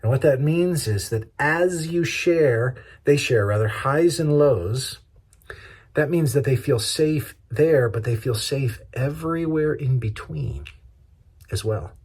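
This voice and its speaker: A man's voice: mid-range voice, animated, slow, darkish tone, slightly rough. A man pastor giving a conversational, practical sermon, acting out everyday examples as he teaches.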